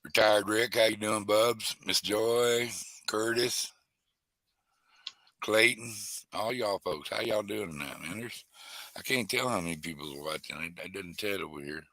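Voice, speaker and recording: A man's voice: on the low side, unhurried, pushed and bright, no room sound. A man chatting casually on a live stream, folksy, with a lot of stammering and restarts. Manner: folksy, stammering, greets chat by name. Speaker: guest co-host of a live stream.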